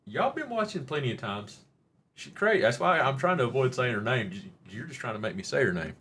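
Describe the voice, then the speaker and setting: A man's voice: mid-range voice, very animated, a little fast, bright, forceful tone, a little hiss or hum. A man with a Southern Oklahoma accent who hosts a casual live stream, chatting with viewers in a rambling, folksy, joking way. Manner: rambling and folksy, jokes with chat, says y'all.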